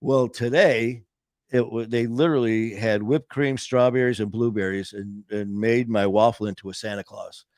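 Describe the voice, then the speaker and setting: A man's voice: on the low side, steady tone, moderate pace, a little mellow, no echo. A man from Michigan hosting a show, chatting casually in a rambling, stop-start, jokey way. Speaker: show host. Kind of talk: casual chat. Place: studio.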